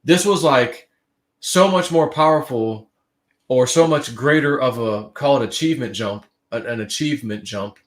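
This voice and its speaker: A man's voice: medium pitch, moderate pace. A man on a livestream telling a long dream story in a casual, rambling way, full of fillers and restarts. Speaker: guest.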